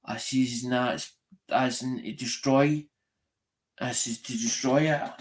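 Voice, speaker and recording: A man's voice: medium pitch, fairly even intonation, slow. A middle-aged Scottish man hosting a live-stream show, chatting casually and telling a rambling story peppered with "right?" and swearing. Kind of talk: casual chat.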